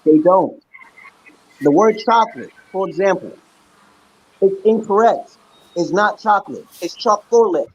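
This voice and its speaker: A man's voice: high-pitched, a little slow, pauses often, a little mellow, lo-fi sound, slight background noise. A man from Brooklyn, New York, hosting a stream and giving casual language advice in an emphatic way, often checking in with "okay". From Brooklyn, New York, USA. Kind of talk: casual teaching chat.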